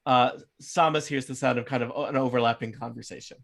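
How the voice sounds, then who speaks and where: A man's voice: medium pitch, steady tone, fast talker, creaky. A man running a tabletop game as game master, chatty and laughing often.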